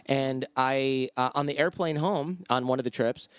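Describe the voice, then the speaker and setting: A man guesting on a podcast, telling stories in a casual, animated way and acting out the quoted voices. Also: medium pitch, moderate pace, clean tone, no echo. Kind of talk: casual storytelling.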